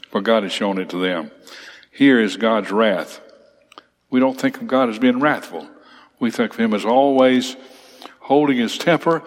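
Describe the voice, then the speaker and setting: Reading verses aloud before explaining them, a mid-range-voiced man teaches an expository Bible class with emphatic, repetitive delivery. Slides accompany him in a church classroom, and a long hall reverb hangs over the recording.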